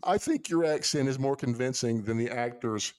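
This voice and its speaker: Male podcast co-host, mid-pitched, casual reactor who muses out loud. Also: smooth. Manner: chatty, reacts with quick agreement and jokes, muses aloud.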